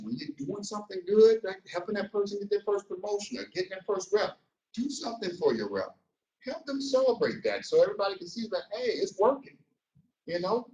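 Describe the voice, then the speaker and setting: A man leading a motivational business training session, animated and preachy, talking straight to a room of listeners. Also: fairly high pitch. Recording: echoey room from far off.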